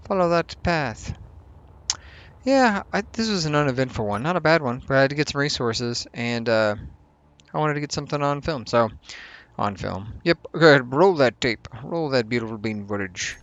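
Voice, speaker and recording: A man's voice: on the high side, creaky, fairly bright tone, highs cut off. A man hosting a let's play, giving casual commentary over his gameplay. He is chatty, thinks aloud and makes self-mocking asides.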